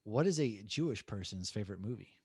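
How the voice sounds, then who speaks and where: A man's voice: fairly low pitch, expressive, fairly quick, darkish tone, slightly rough, no echo, studio quality. A man hosting a podcast, telling stories and jokes in a loose chat, swearing freely. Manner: joking storyteller, swears freely. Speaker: podcast host.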